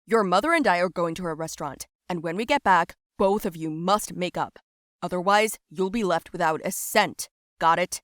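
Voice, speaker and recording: A woman voicing an angry middle-aged father who is shouting stern ultimatums at his two daughters. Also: lowish voice, moderate pace, dry recording, studio quality, natural voice.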